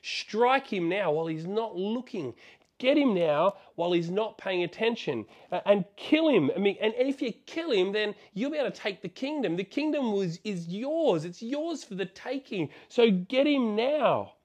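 Man doing pushy soldiers egging their leader on, a bit higher, urgent. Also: very animated, moderate pace. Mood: urgent coaxing. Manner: urgent, coaxing. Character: eager male soldiers urging their leader to strike.

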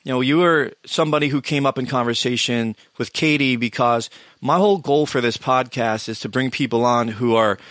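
A man hosting a podcast, talking in a relaxed way with lots of fillers. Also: mid-range voice, brisk, dry recording, studio quality. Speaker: podcast host. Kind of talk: casual podcast chat.

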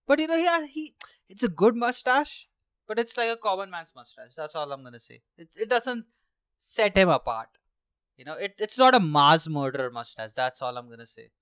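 A man's voice: sits high, fairly bright tone, clear, resonant tone, no echo, studio quality. A young man from India hosting a solo podcast at home, rambling sarcastically with swearing and laughs while drinking. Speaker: podcast host. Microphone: handheld mic.

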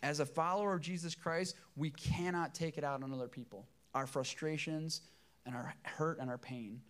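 Man, pastor, sermon, emphatic, emotional, fairly high voice. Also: fairly even intonation, moderate pace, a bit bright. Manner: emotional, emphatic preaching with repeated phrases.

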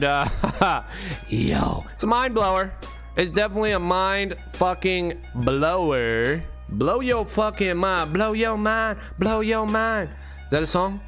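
A man's voice: a little high, fairly bright tone. A man delivering an unscripted, rambling monologue rant, full of slang and profanity. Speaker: vlogger on money and bitcoin.

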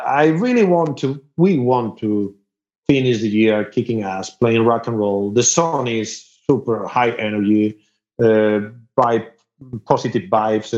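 A man from Spain with a thick Spanish accent, a musician chatting casually, halting and repeating words, laughing often. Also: medium pitch, a little mellow. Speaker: musician guest. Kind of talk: casual podcast chat. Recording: roomy, dull lo-fi recording.

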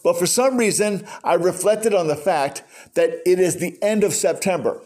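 A man's voice: high voice, moderate pace, darkish tone. An older man preaching a sermon in a conversational storytelling way, acting out quotes. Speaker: pastor.

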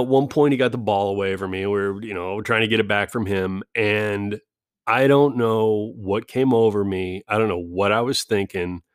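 A man's voice: fairly low pitch, dry recording, studio quality. A man in his forties telling a rambling, self-deprecating story in casual vlog chat, laughing often. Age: 40s. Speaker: vlogger.

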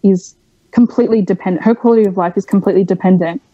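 Guest: young woman from Australia, candid interview, mellow dry voice, animated storyteller. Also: mid-range voice, quick pace, no echo, highs cut off. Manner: frank, animated storytelling with many fillers. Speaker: podcast guest.

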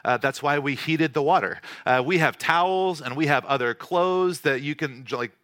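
A man's voice: on the high side, moderate pace, a bit bright, no room sound. A man, a pastor telling a family story in a casual, chatty way before his sermon. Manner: casual storytelling, acts out dialogue. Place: church hall.

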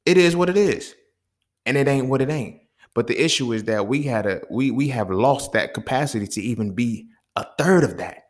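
A man's voice: mid-range voice, lively intonation, moderate pace. A man hosting a podcast, ranting heatedly in a casual monologue full of profanity and street slang. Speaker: podcast host.

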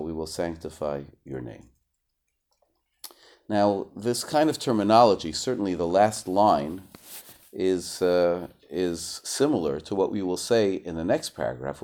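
A man giving a measured lesson on a prayer text, translating phrase by phrase and often repeating himself. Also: deep voice, a little mellow. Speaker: Torah teacher.

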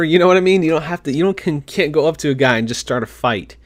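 A man reading a game article aloud and adding his own excited, gushing commentary, talking fast with frequent restarts. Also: a little high. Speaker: gaming commentator.

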